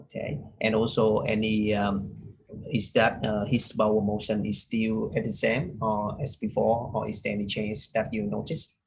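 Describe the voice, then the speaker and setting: A man playing a doctor in a practice medical exam, asking polite questions haltingly with many fillers. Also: on the low side, little pitch movement, vocal fry, noisy background. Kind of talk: medical exam role-play.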